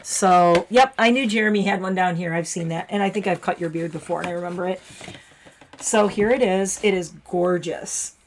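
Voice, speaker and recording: A woman's voice: fairly low pitch, normal speed, a little hiss or hum. A middle-aged woman, a retired hairstylist chatting casually to livestream viewers while unboxing and reading labels aloud.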